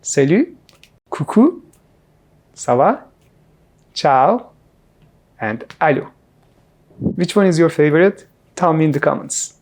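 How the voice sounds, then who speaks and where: Slow, careful male teacher. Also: on the high side, expressive, darkish tone. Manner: slow, deliberate, repeating each word. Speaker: French teacher. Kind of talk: scripted language lesson.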